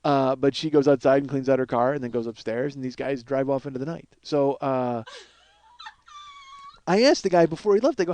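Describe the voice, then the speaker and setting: A man hosting a comedy podcast, telling a story in an animated, profane, rambling way. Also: a little high, fairly quick, dry recording. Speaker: podcast host.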